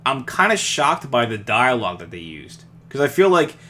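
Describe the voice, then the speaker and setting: A man's voice: medium pitch, big pitch swings, moderate pace, pushed and bright. A young man co-hosting a podcast in casual chat, rambling with restarts and frequent laughs. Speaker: podcast co-host.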